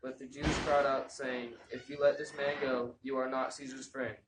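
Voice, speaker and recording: Male scripture reader, mid-pitched and plain; echoey room, faint noise. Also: little pitch movement, normal speed. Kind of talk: reading scripture aloud.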